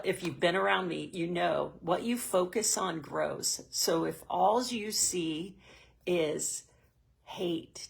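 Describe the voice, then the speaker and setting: A woman's voice: fairly low pitch, creaky. A middle-aged woman hosting a heartfelt motivational talk for a women's group, speaking earnestly and sometimes near tears. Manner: earnest, heartfelt, emotional storytelling. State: tearful at moments. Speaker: host.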